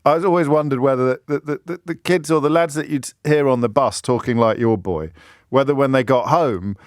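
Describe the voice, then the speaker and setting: Lively radio host man. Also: medium pitch, brisk, no room sound, clean studio sound. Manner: animated, laughing, affectionate with callers. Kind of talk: radio phone-in chat.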